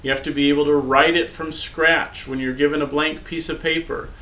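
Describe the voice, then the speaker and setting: A man's voice: a little high, flat delivery, fairly quick, slight background noise. Patient man teaching in a roomy, dull recording. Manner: patient, drills forms aloud for repetition. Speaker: Greek teacher. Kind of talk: recorded lesson.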